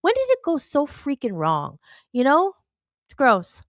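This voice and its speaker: Impassioned woman ranting, high lively voice. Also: measured pace, no room sound. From United States. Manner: impassioned, ranting, rhetorical questions. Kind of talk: heated political talk.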